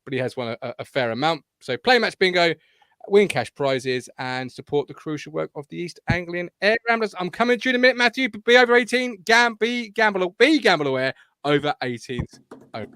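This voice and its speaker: A man's voice: high voice, animated, a little fast, fairly bright tone, clear, resonant tone, no echo, studio quality. A man hosting a live fan show, chatting and reading sponsor plugs with enthusiasm. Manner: upbeat, reads plugs out enthusiastically. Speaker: host.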